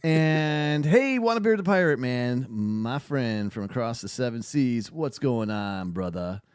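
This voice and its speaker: A man's voice: mid-range voice, expressive, measured pace, smooth, no echo, clean studio sound. A man co-hosting a casual livestream, easygoing and often laughing as he greets viewers from the chat. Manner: laid-back, laughs often, greets chatters. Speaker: co-host reading viewer chat.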